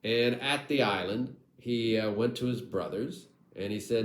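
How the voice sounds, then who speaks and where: A man's voice: mid-range voice, a little slow, few pauses, echoey room, low-quality recording. A man telling a comic folk tale with wry, irreverent asides to his audience. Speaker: storyteller.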